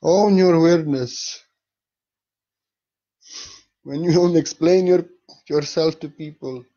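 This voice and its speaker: A man's voice: medium pitch, mellow, lo-fi sound. A foreign-accented man, a spiritual teacher, giving a playful, theatrical motivational monologue and repeating words for emphasis.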